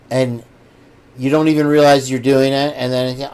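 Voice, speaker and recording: A man's voice: medium pitch, little pitch movement, moderate pace, darkish tone, smooth. Rambling man hosting a live chat. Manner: rambling, thinks aloud. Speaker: livestream host. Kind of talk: casual live chat with viewers.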